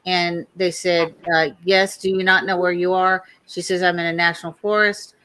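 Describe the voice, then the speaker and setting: Bright-voiced chatty woman host. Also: fairly low pitch, moderate pace, smooth, poor audio. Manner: chatty, storytelling, quotes others in lively voices. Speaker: talk show host. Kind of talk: casual online talk show.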